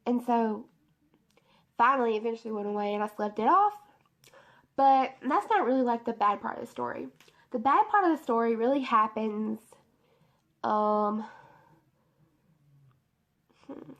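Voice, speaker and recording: A woman's voice: a little high, fairly bright tone. A young woman telling a personal testimony story in a rambling, emotional way, full of fillers, in her bedroom. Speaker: beauty vlogger.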